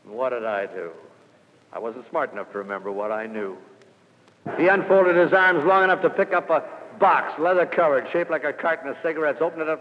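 An older man giving a motivational speech to salespeople, telling an anecdote and building to loud emphatic peaks before dropping quiet again. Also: on the high side. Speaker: sales speaker. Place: lecture hall. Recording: old lo-fi recording in a large hall.

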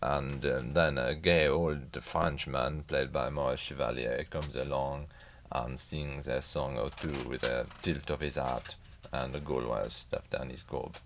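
A man's voice: very deep voice, fairly even intonation, measured pace, a little hiss or hum. A man giving a rambling, wry spoken introduction, full of hesitations.

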